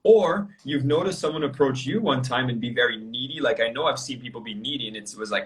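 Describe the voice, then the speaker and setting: A man's voice: mid-range voice, quick pace, few pauses, a bit bright, low-quality recording. Man hosting a motivation livestream. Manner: encouraging, asks open questions. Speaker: host of a live show. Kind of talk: interview host.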